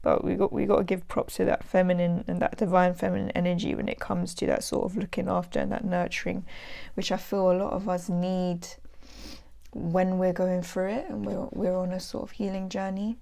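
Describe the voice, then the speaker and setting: A woman's voice: on the low side, level tone, a little fast, creaky, dark tone. A young adult woman hosting a casual tarot vlog. She sounds nasal from hay fever and chats in a rambling way with lots of fillers. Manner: rambling, chatty, many fillers. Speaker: tarot channel host.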